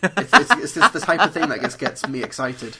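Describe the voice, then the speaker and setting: A man's voice: medium pitch, animated, fairly quick, crowd noise. A man co-hosting a casual podcast chat, jokey and playful. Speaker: podcast co-host.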